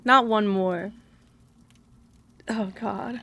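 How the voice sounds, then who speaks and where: A woman's voice: medium pitch, unhurried, a bit bright, no room sound. A young woman streaming a video game, chatting casually with her viewers, laughing often and swearing freely.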